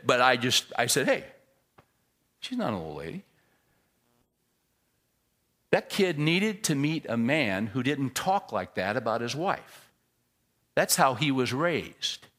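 Male pastor, sermon delivery, lively pitch, punchy emphasis dropping to low asides. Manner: animated storyteller, swings from loud emphasis to quiet asides.

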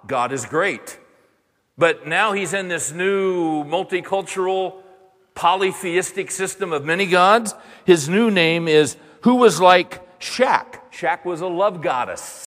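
A man preaching a sermon, animated and voicing the people in his story with dramatic quotes. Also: fairly high pitch. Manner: animated, voices the prophet and God in dramatic quotes. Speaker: pastor. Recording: long reverb of a large hall.

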